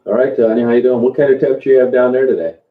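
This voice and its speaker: A man hosting a casual livestream chat, greeting viewers by name and talking in a relaxed, halting way with plenty of fillers and restarts. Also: medium pitch. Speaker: livestream host. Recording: tinny phone-like sound in an echoey room.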